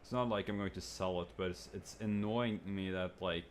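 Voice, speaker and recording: A man's voice: steady tone, normal speed, a little hiss or hum. A young man streamer venting in a rambling, frustrated way, swearing and stammering through restarts. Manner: jumps to high, loud mimicking when quoting others.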